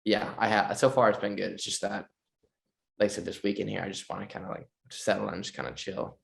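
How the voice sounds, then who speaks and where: A man's voice: lowish voice, level tone, brisk, gravelly. A man from the United States chatting casually as a guest, rambling with many fillers. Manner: rambling, filler-heavy talk. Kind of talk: casual chat.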